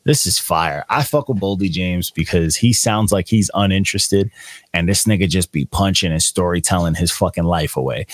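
In a dry recording, a young man with a low voice talks at normal speed as co-host of an album-review podcast. The chat is casual and rambling, loaded with slang, profanity and fillers, his manner laid-back throughout.

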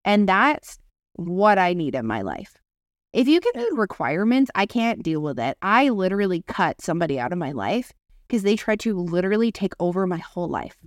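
Brief: woman co-host, middle pitch, loose rambling talk, hunts for words. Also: big pitch swings, moderate pace, no room sound, studio quality. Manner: rambling, searches for words, casual swearing. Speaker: podcast co-host. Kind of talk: casual chat.

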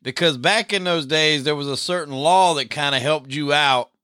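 A male interviewer prompts his guest to say more, speaking in a bright, tense voice. The sound is dry and close, with no room around it. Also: on the high side, normal speed, clean tone, dry recording. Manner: encouraging, prompting questions. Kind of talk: casual interview.

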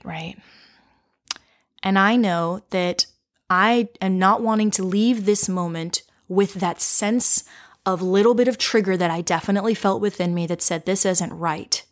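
Soft-spoken woman coach, reflective storyteller. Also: medium pitch. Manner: soft, slow and reflective, often dropping to a whisper. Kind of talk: personal storytelling with guided reflection.

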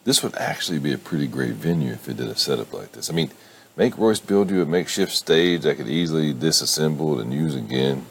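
Chirpy encouraging best friend, read by a man, bright swings in pitch over a gravelly voice. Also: expressive, fairly quick, slight background noise, exaggerated voice. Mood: upbeat. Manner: upbeat, joking.

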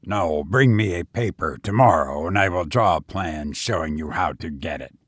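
A man reading aloud and voicing a distrustful male brigand who escapes from a castle, speaking low and hushed. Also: normal speed, breathy edge, dry recording, clean studio sound. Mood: scheming.

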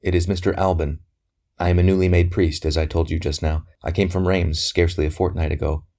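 A man reading a novel aloud voices a young, earnest priest who speaks carefully, a guarded courier. His voice sits low with little pitch movement, and it's a little fast, creaky and dark in tone.

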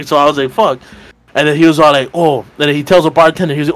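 His voice is a little high with a steady tone, and he talks very fast. In his twenties and co-hosting a podcast, he tells a bar story casually, rambling and profane, thick with fillers and laughter.

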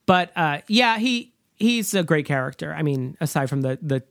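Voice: medium pitch, animated, creaky, a bit bright, no echo. Chatty podcast co-host, dry close sound. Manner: chatty, lots of fillers and restarts; does quick mock voices when quoting. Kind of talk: casual movie review chat.

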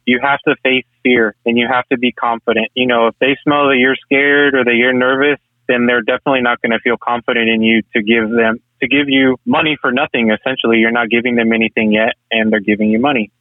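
A man who runs a landscaping business, a podcast guest talking in an earnest, steady way. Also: mid-range voice, fairly quick, hardly any pauses, no echo. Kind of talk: casual interview chat. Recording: tinny phone-line call.

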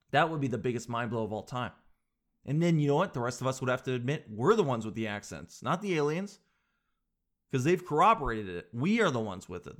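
A man's voice: medium pitch, big pitch swings, brisk, a bit bright. A young man hosting a casual solo show, rambling and joking in a slangy way. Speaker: podcast host.

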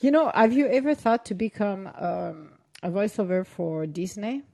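A woman's voice: mid-range voice, normal speed, vocal fry, darkish tone. A woman co-hosting a casual chat, laughing often. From southern Minnesota.

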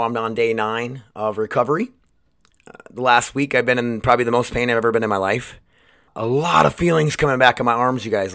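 A young man hosts his own podcast in a casual solo monologue, rambling, restarting sentences, and swearing freely. His voice is mid-range, a bit bright, with a clean tone.

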